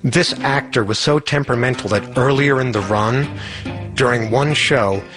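A man's voice: mid-range voice, moderate pace, music in the background. A man telling a personal story in a wry, self-mocking way. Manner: wry, self-mocking, acts out quoted voices.

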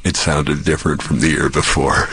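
A man, a former radio DJ, telling anecdotes in an interview in a relaxed way. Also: deep voice. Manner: relaxed storytelling.

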